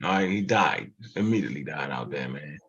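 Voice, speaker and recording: A man's voice: very deep voice, animated, fairly quick, fairly bright tone, breathy edge. A man hosting a livestream show in a loose, casual way, tagging "man" onto his phrases. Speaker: show host. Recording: muffled lo-fi audio.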